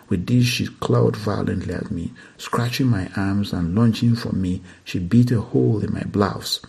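Gravelly, husky man reading aloud. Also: fairly low pitch, moderate pace, hardly any pauses. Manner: steady, earnest reading with occasional slips. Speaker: reader. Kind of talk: reading a first-person deliverance account aloud.

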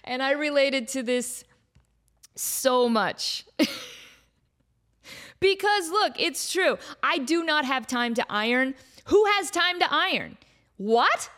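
A woman's voice: sits high, moderate pace, a bit bright. A young adult woman hosting a comedic podcast, rambling through tangents and laughing often as she talks. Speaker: podcast host. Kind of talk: casual comedic monologue.

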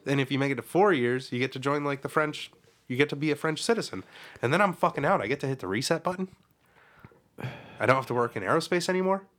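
A man's voice: medium pitch, quick pace, fairly bright tone. A man co-hosting a podcast, joking crudely and rambling in casual banter with his friends. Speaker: podcast co-host.

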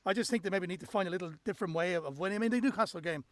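A man's voice: high voice, rapid-fire. A man hosting a football podcast, chatting casually with fillers and steering the show to its close. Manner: relaxed, fillers, wraps up the show. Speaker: podcast host.

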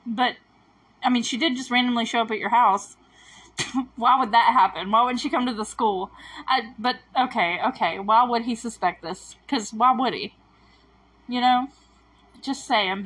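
Chatty husky-voiced woman podcaster. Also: a little high, a bit bright, poor audio. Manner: chatty and exasperated, laughs often, goes off on tangents. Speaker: podcast host. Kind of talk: casual episode recap podcast.

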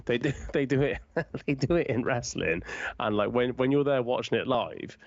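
A man's voice: mid-range voice, moderate pace, dry recording, dull audio. A man co-hosting a podcast, swearing freely and laughing as he tells stories in casual banter. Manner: sweary, laughs often, animated storytelling. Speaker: podcast co-host. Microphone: remote call.

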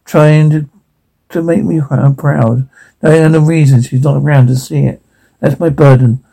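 A man's voice: on the high side, steady tone, moderate pace, gravelly, mellow, breathy edge, rough recording. A man voicing a young male cyborg hero, defiant and bitter.

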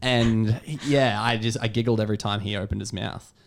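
A man's voice: fairly low pitch, fairly even intonation, a little fast, gravelly. A man co-hosting a casual movie review podcast, rambling and giggling as he talks. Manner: giggly, rambling, self-mocking. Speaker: podcast co-host.

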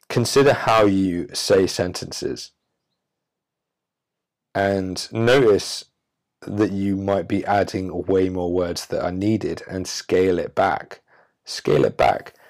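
A man with a very low, gravelly voice delivers a self-help monologue straight into the mic. He talks emphatically and preachily, stretching out pauses for effect. His deep register carries a rough, fry-laden edge. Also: fairly even intonation, a little mellow. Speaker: podcast host. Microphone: audio-only recording.

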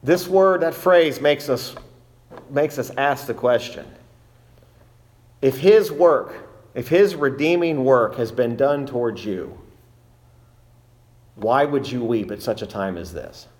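A man's voice: medium pitch, takes it slowly, pauses often, a little mellow. A man preaching a sermon as pastor, emphatic, repeating key phrases and asking rhetorical questions.

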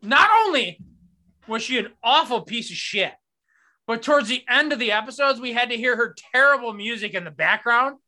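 A man hosting a casual podcast, telling stories with lots of profanity and animated retellings. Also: very high-pitched, moderate pace. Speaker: podcast host. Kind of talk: casual sports podcast chat.

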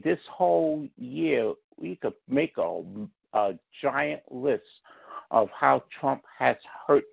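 Gravelly raspy guy on a podcast call, dry and muffled, talking politics slow and steady. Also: mid-range voice, no room sound. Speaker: podcast guest. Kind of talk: casual political discussion.

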